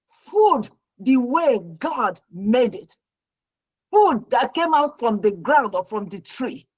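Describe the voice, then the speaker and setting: A middle-aged woman, a registered nurse, telling her own story as a talk show guest with lively, dramatic delivery. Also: a little high, no echo, low-quality recording. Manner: animated storyteller who acts out her own past reactions.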